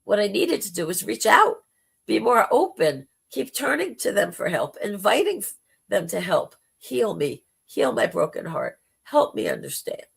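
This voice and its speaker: A woman hosting a live spiritual talk, telling a personal story slowly and heartfelt, with dramatic quoted asides. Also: medium pitch, sing-song, creaky, husky. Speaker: spiritual talk show host.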